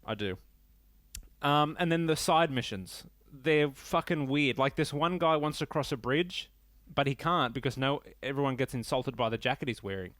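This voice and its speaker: A man's voice: medium pitch, normal speed, fairly bright tone, dry recording. Male podcast host, casual and profane, rambling rants, dry and close. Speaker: podcast host reviewing games. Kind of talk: casual solo podcast talk.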